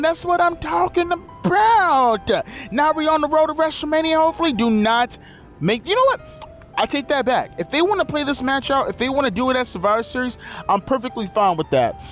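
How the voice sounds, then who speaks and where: Male show reviewer, high pitched, loose and profane, with faint music under him. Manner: animated, profane, rambling. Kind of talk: casual show recap.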